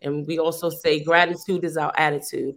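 A teacher who started a youth program talks a little fast in a low, slightly bright voice with flat delivery. The conversation is casual but earnest, runs long over video, and is peppered with fillers and restarts.

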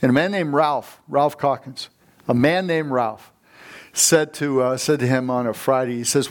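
A middle-aged man preaches in a church sanctuary, fired up and telling stories with real energy. He speaks at a medium pitch for a man and often stops to call out for amens. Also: normal speed. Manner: fired-up, storytelling, calls for amens. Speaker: guest preacher. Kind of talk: sermon.

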